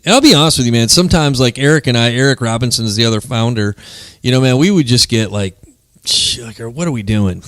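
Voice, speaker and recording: A man's voice: medium pitch, no room sound. A man hosting a casual podcast conversation, telling stories in a chatty way and filling his talk with "man" and "you know.". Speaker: podcast host and co-founder of a men's mental health group.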